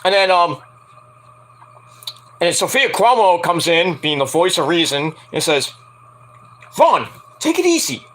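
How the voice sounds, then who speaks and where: A young man casually reviewing a wrestling show, rambling and swearing, acting out quotes in high voices. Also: unhurried, pauses often, a bit bright. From Antiguan and Jamaican family. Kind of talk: casual solo review chat.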